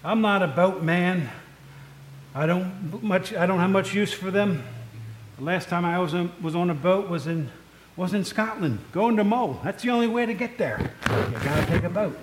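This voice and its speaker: A man's voice: high-pitched, animated, normal speed, a little hiss or hum. A man preaching a conversational, storytelling sermon, full of asides to the congregation. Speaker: pastor. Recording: echoey room.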